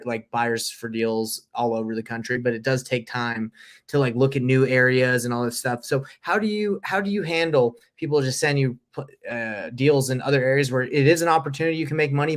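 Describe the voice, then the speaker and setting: A man hosts a podcast in an easygoing manner. He puts questions to his guest as if they were just chatting. His voice sits at a medium pitch. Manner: relaxed, conversational questioning. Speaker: podcast host. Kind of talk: casual interview chat.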